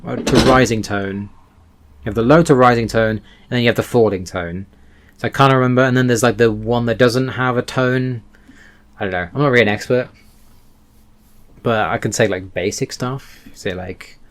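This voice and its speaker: Male vlogger, mid pitch, loose self-correcting chat to camera. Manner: rambling, self-correcting, self-deprecating. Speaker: language learning vlogger. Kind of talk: casual talking-head vlog.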